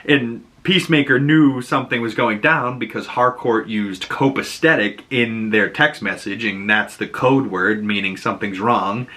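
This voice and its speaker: A man's voice: mid-range voice, moderate pace, hardly any pauses, sharp tone. A man recapping a TV episode in a chatty, casual way, filling his talk with "you know" and "like". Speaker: video reviewer.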